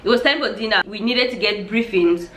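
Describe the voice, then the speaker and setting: A woman vlogger telling a story in a lively storytime vlog, acting out her own reactions as she goes. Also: medium pitch, fairly quick, roomy sound.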